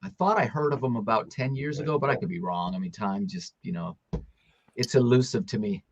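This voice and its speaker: A man asking questions in a casual interview, musing aloud and quick to agree. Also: mid-range voice, expressive, breathy edge, muffled recording.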